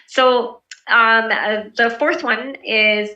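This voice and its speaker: Bright encouraging woman teaching online. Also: on the high side, unhurried, roomy sound, distant mic, rough recording. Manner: relaxed and encouraging, with many fillers. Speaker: presentation skills instructor.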